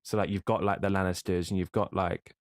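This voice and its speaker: Casting: man, lowish voice, rambling podcast co-host, dry close sound. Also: little pitch movement, a little fast, no echo. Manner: rambling, yawning, swears freely. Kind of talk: casual chat.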